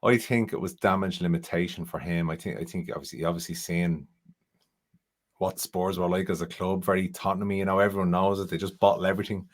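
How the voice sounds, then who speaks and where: A man's voice: deep voice, steady tone, fast talker. A man co-hosting a football podcast, easygoing and rambling as he gives his opinions. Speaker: podcast co-host. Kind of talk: casual chat.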